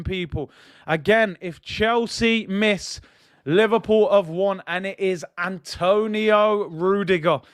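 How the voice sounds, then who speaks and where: A young man hosting a football watch-along, commentating live on a penalty shootout and shouting out at each goal. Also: unhurried, smooth, no echo, studio quality. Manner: excitable, shouts and jumps in pitch at each goal, addresses viewers as "people".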